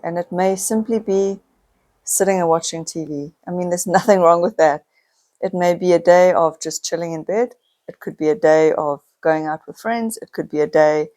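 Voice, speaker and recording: A woman's voice: on the low side, a little mellow. A middle-aged woman, talking to camera in a heartfelt, confiding personal vlog, near tears at times. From South Africa. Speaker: vlogger.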